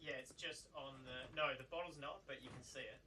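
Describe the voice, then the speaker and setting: Off-mic man calling quick directions. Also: medium pitch, bright, forceful tone, slight background noise. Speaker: camera operator. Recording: distant from mic.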